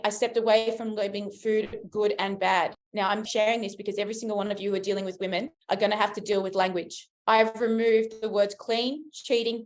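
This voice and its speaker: A young adult woman with an Australian accent, a fitness coach giving an emphatic motivational talk to a live audience and often asking the room questions. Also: medium pitch. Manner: emphatic, asks the room questions, frequent "right?".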